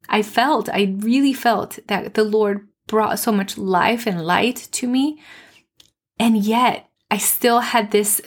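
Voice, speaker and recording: A woman hosting a faith podcast, telling a personal testimony in an earnest, heartfelt way with soft, tender pauses. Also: medium pitch. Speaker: podcast host.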